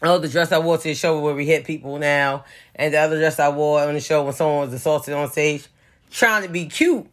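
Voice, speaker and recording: A woman's voice: low voice, fairly quick. A woman talking straight to camera in a loose, casual commentary voice. She is blunt and profane, and she throws sarcastic asides into her opinions. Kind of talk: casual pop-culture commentary.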